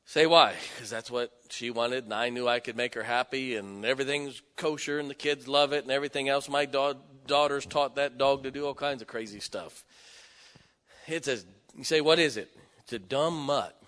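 A man's voice: mid-range voice, steady tone, moderate pace, fairly bright tone. Folksy preacher man in a hall. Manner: folksy, joking preacher with rising emphatic bursts. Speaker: pastor. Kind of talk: sermon. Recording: long hall reverb.

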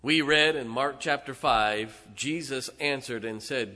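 A male preacher delivering a sermon, retelling a story dramatically with sudden loud swells and hushed drops. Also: mid-range voice, a little slow, few pauses.

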